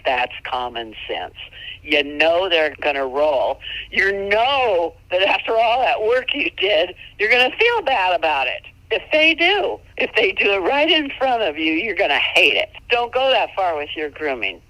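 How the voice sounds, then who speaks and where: Bright-voiced folksy woman trainer. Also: very animated, measured pace, dry recording, poor audio. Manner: folksy, chatty, laughs often, jumps into high playful tones. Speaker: mule trainer. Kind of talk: casual instructional chat.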